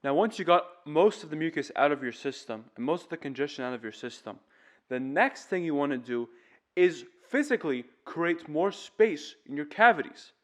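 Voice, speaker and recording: A man's voice: fairly high pitch, animated, moderate pace, a bit bright. A man teaching singing, explaining vocal tips step by step in an earnest, demonstrative way. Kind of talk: casual vocal tutorial.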